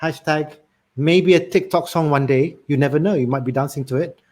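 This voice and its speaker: A jovial male host runs a relaxed chat, stumbling and repeating his words as he goes. His voice sits a little high for a man. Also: brisk. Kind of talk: casual chat show hosting.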